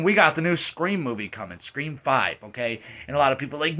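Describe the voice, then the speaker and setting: A man's voice: mid-range voice, lively intonation, moderate pace, pushed and bright. A man giving an angry, profane rant while reviewing a horror film. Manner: profane, ranting, heated. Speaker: movie reviewer.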